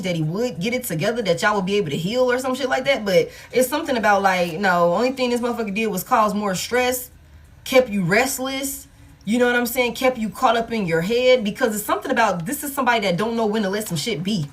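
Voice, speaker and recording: A woman's voice: on the high side, fast. Blunt, profane woman doing a tarot reading. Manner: casual, blunt and profane, thinking aloud. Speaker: tarot reader. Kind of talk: collective love tarot reading.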